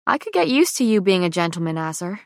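A woman's voice: lowish voice, big pitch swings, fast talker, creaky, no echo, clean studio sound. Wry young heroine, read by a woman. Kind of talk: audiobook character voice.

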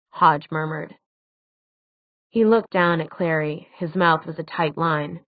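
A woman narrating a novel in an even, measured reading voice. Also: sits low, dry recording. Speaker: audiobook narrator. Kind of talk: scripted fiction narration. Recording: dry, tinny phone-like sound.

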